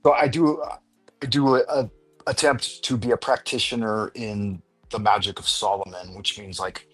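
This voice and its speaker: A man's voice: lowish voice, fairly even intonation, normal speed, a bit bright, husky, soft background music. A man hosting a live stream panel, talking in a rambling, playful way with many restarts. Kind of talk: casual chat.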